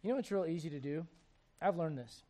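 High-voiced man preaching with rhetorical questions. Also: a little fast. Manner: swings between loud preaching and low, quiet asides. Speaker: pastor. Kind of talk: sermon.

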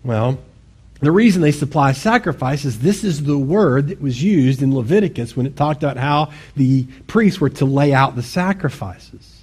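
Man, pastor, sermon, husky voice, conversational, self-deprecating, bursts of intensity. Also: mid-range voice, expressive, moderate pace, darkish tone.

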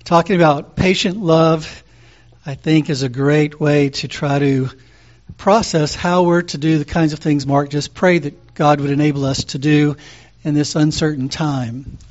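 A man with a fairly high voice delivers a calm, conversational sermon, easing through his points and pausing on little fillers. The recording is dull and lo-fi, with muffled highs. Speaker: pastor.

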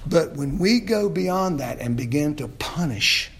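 A male pastor gives an expository sermon in an animated, fairly high-pitched voice at a measured pace. He asks the congregation questions, repeats his phrases, and swells into loud, emphatic peaks.

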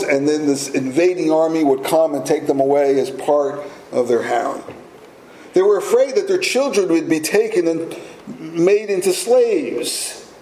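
A man's voice: fairly high pitch, dark tone, slight background noise. A man preaching a sermon as pastor, emphatic and fond of rhetorical questions. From United States. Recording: roomy echo, faint ambience.

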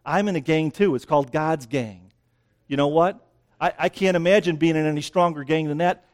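At a moderate pace, a man with a highish, slightly mellow voice preaches outdoors near dense greenery. He sounds a bit breathless, speaking conversationally and often checking in with "right?".

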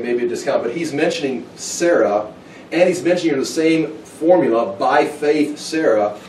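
A man's voice: mid-range voice, a little hiss or hum. Conversational preacher man in an echoey room. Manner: informal and animated, acting out quoted exchanges. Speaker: preacher teaching a Bible study. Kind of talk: conversational sermon teaching. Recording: echoey room, mic at a distance.

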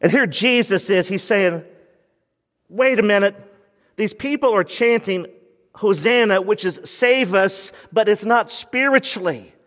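A man preaching a sermon as pastor, animated and laughing as he acts out the people he quotes. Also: high voice, a little slow. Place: church sanctuary. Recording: church hall reverb.

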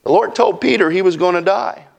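A man's voice: high voice, brisk, gravelly. A man preaching a sermon in a folksy way, acting out quotes from his text. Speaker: pastor.

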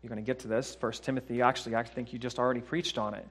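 A man preaching a sermon in a church, dropping to hushed tones and then building to loud, emphatic peaks, with repeated phrases and rhetorical questions. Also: mid-range voice, level tone, racing, breathy edge. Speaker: pastor.

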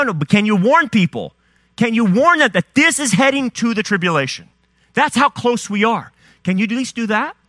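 A male preacher delivers a fiery sermon in a high voice that leaps and plunges with every rhetorical question. His tone is bright and cutting, and the sound is dry and close to the mic. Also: no echo. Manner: fiery rhetorical questions, rising and dropping emphasis.

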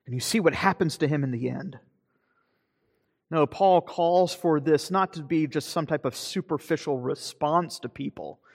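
A man preaching a sermon as pastor, earnest, slowing for emphasis and then speeding up. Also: on the high side, gravelly, a little mellow, big-room sound. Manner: earnest preaching, shifting between slow emphasis and quick asides.

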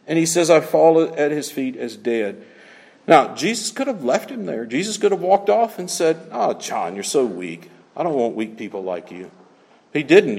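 A man preaching a sermon, swinging between loud emphatic lines and hushed asides. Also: a little high, big-room sound.

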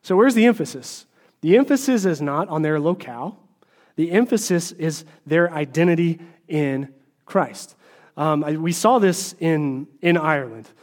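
A man's voice: on the high side, lively intonation, a little slow. A man preaching a conversational sermon, informal and full of fillers and restarts, with emphatic, opinionated asides. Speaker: preacher teaching a Bible study.

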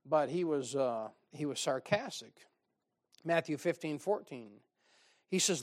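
A man's voice: on the high side, expressive, unhurried. A man preaching a sermon as pastor, joking and sarcastic, often laughing.

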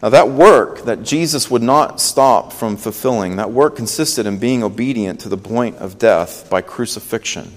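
A man's voice: mid-range voice, normal speed, few pauses, long reverb tail. A man preaching a sermon as pastor, earnest and emphatic, his voice swelling and dropping for emphasis. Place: church sanctuary.

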